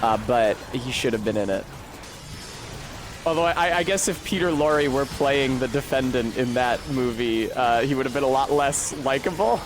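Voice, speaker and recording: A man's voice: medium pitch, moderate pace, over music. Rambling, swearing male game streamer. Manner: rambling, profane and self-deprecating. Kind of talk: casual gameplay commentary.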